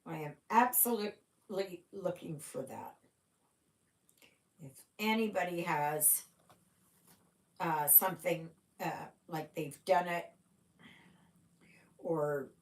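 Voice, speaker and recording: A woman's voice: fairly low pitch, takes it slowly, pauses often. A middle-aged woman hosting a cross-stitch livestream, chatting casually with viewers, yawning and trailing off now and then. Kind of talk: casual chat with live viewers. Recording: echoey room.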